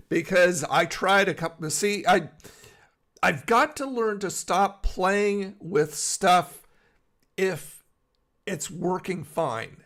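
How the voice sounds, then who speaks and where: A man's voice: high-pitched, a bit bright. A middle-aged man hosting a casual live stream from his bed, rambling and chatty as he answers viewers by name. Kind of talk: casual live-stream chat, reading chat aloud. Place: in bed at home.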